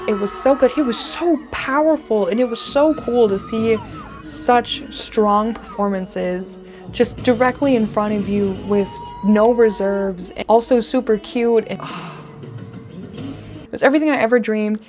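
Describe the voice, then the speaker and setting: A woman in her twenties telling a storytime vlog, gushing and excitable, speeding up in rapid bursts. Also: mid-range voice. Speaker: vlogger.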